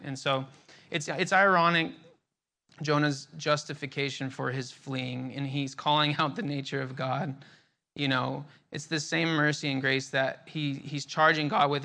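A man's voice: fairly high pitch, sharp tone. A young man teaching a Bible passage in a loose, conversational way, full of fillers and restarts. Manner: conversational, many fillers and repeated words.

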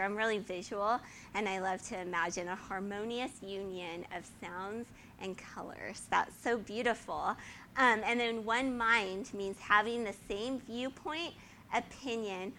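A woman's voice: medium pitch, sharp tone, a little hiss or hum. A woman in her forties teaching the Bible to a group in a casual, chatty way, often asking 'right?' and laughing.

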